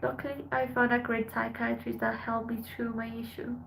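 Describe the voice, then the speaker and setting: A tired woman from Colombia, a Spanish speaker, chatting softly with her live-stream viewers as she reads their messages aloud. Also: a little high, flat delivery, normal speed, gravelly, a little hiss or hum, low-quality recording. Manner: soft, subdued, switching between English and Spanish. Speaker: live streamer reading chat. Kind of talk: casual live-stream chat.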